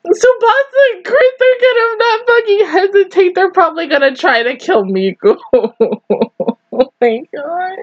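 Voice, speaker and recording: A woman's voice: very high-pitched, lively intonation, unhurried, no room sound, highs cut off. A young woman hosting an anime reaction video, rambling emotionally and swearing a lot in casual commentary.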